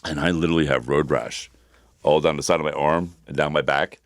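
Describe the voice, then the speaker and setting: Podcast co-host, man, thirties, deep and quick, rambling storyteller with a dry close sound. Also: steady tone, no echo. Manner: rambling storyteller, swears freely, repeats himself. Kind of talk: casual chat.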